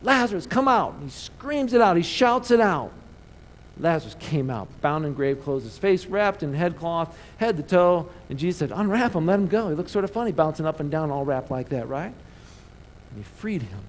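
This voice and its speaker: A man preaching a sermon in church, animated, calling the congregation to answer back. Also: a little high, moderate pace, rough recording. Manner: animated preaching with call-and-response. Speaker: pastor. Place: church sanctuary.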